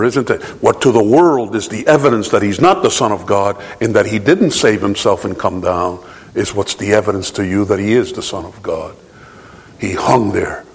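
A man preaching a sermon, quoting scripture and driving points home with rhetorical asides, sometimes rising to a shout. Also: fairly low pitch, creaky, breathy edge. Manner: emphatic, rises to shouts on key points. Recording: long hall reverb.

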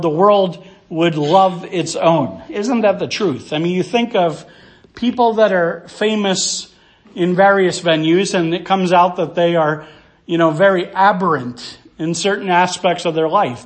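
A pastor preaching an expository sermon, earnestly teaching through a passage verse by verse and asking rhetorical questions. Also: male voice, high voice.

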